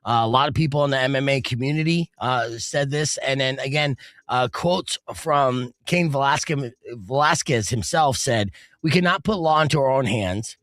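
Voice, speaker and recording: A man's voice: mid-range voice, moderate pace, a bit bright, no room sound. A man hosting a radio talk show, chatting casually and loosely with many fillers. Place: radio studio. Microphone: studio mic.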